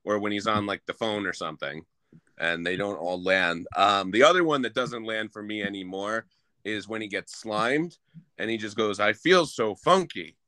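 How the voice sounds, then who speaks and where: A man talks through a movie review with friends, lively and quick to quote favorite lines. His voice sits at an ordinary pitch, recorded dry and close. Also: no echo, low-quality recording. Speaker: podcast co-host. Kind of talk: casual film review chat.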